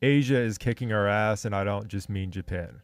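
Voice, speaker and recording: A man reading out viewer comments on a podcast in a plain, steady way. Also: on the low side, normal speed, clear, resonant tone, no room sound.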